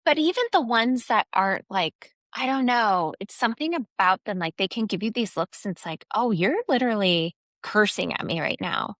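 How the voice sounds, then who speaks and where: A woman's voice: mid-range voice, expressive, normal speed, few pauses, a bit bright, dry recording, studio quality. A woman co-hosting a casual book-discussion podcast, reflective and analyzing the characters. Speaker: podcast co-host.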